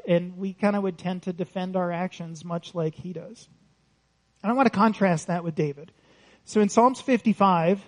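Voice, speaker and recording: A man preaches in a church, his voice pitched high for a man. He talks conversationally, often asking the congregation questions and laughing lightly between points. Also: a little mellow, poor audio. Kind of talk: sermon.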